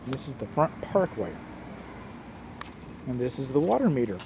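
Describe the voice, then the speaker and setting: A man's voice: medium pitch, very animated, moderate pace, long pauses, background noise. A man with a Texan accent working as a home inspector, explaining things plainly as he walks around a house outdoors. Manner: folksy, explains plainly while walking. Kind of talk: casual walkthrough narration.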